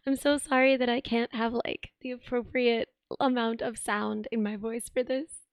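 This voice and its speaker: A young woman with a sick voice, chatting on a live stream, thinking aloud as she tinkers and thanking viewers with excitement. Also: a little high, measured pace, smooth, no room sound, clean studio sound. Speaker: livestreamer. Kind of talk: casual live stream chat. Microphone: desk streaming microphone.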